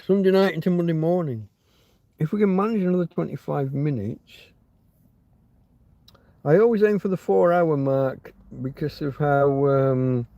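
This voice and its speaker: A man hosting a casual late-night livestream from his bed, rambling and chatty, talking to his dog in a soft doting voice between asides to his viewers. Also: mid-range voice, creaky, no echo, muffled recording. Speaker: livestream host. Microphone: phone camera held close.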